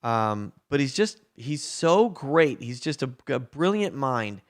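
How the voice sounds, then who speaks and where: A man telling a story in casual chat, animated, acting out the people he quotes. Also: medium pitch, slow pace.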